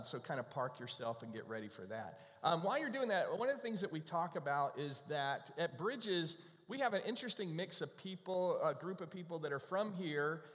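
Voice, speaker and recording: A middle-aged man preaching in a relaxed, playful way, joking with the congregation. His voice sits a bit high for a man, and a long reverb from the church sanctuary trails every phrase. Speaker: pastor. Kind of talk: casual conversational sermon.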